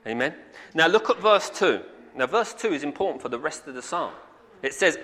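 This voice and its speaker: A man preaches in a church hall, earnest and repetitive, often asking his listeners for an amen. His voice sits a little high. A long reverb trails each phrase. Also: sing-song, moderate pace, bright, forceful tone. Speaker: pastor. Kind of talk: sermon.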